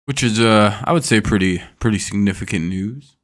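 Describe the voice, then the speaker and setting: A young man hosts a casual live stream, reading the news before launching into an irritated, profane rant at someone in the chat. His voice sits fairly low and moves at a normal speed.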